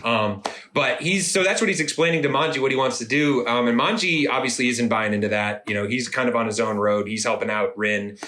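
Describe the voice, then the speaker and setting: Bright-voiced man recapping a show, roomy. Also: mid-range voice, a little fast, slight background noise. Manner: laid-back storytelling, acts out characters' lines. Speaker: podcast co-host. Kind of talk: casual chat recapping anime episodes. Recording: roomy echo.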